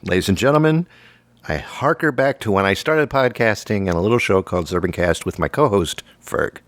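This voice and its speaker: A man's voice: on the low side, fairly quick, fairly bright tone. A man hosting a comedy podcast, trading playful jokes and teasing in casual banter. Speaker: podcast host.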